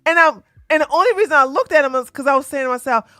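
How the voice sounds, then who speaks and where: A woman hosting her own channel, telling a casual story to her audience in an animated way and laughing often as she talks to the ladies. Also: high-pitched, fast talker, dry recording. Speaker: commentary channel host.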